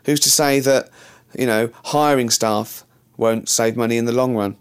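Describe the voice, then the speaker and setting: A man's voice: mid-range voice, fairly even intonation, moderate pace, smooth, close to an everyday voice. An actor playing a self-important, pompous male office boss in a sitcom. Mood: self-justifying. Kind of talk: sitcom acting.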